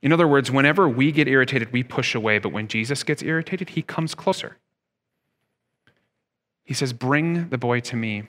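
Bright-voiced man preaching in an echoing hall. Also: medium pitch, a little fast, long pauses. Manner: conversational preaching with rhetorical questions. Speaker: pastor. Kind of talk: sermon. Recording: long hall reverb.

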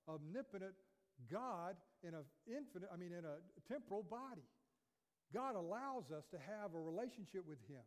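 A man pastor preaching a sermon earnestly, quoting scripture and asking rhetorical questions. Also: sits high. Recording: long reverb of a church hall.

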